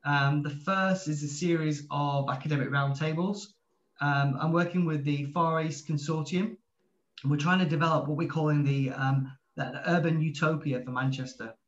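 A man's voice: on the high side, fairly even intonation, moderate pace. A man speaking as a panel guest on a video call, fluent and businesslike. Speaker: university partnerships director. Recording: echoey, dull lo-fi call audio.

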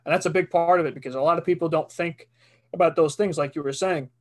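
A man's voice: fairly high pitch, fairly even intonation, fast talker. A man, a voice actor, chatting casually on a podcast as a guest, joking, swearing freely and laughing often.

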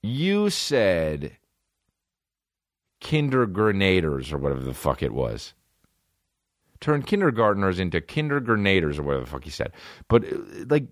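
A man hosting a solo comedy podcast, rambling and swearing as he riffs, bursting into quick mock voices. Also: sits low, big pitch swings, no echo, studio quality. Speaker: podcast host. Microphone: phone.

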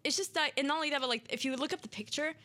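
A nervous woman hosts a radio show, retelling a creepy internet story in a loose, rambling way. Her voice is bright and slightly high, and she stumbles through fillers and restarts. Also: rapid-fire. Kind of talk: casual storytelling.

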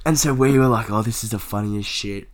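A young man telling casual stories in a podcast chat, animated and swearing freely, acting out the lines of people he quotes. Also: fairly low pitch, a little fast.

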